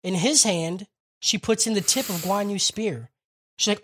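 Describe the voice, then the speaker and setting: A man's voice: sits high, animated, fairly bright tone. A young man casually recapping an anime episode on a podcast, swearing freely and laughing often. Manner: profane, fast storytelling, laughs often. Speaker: podcast co-host.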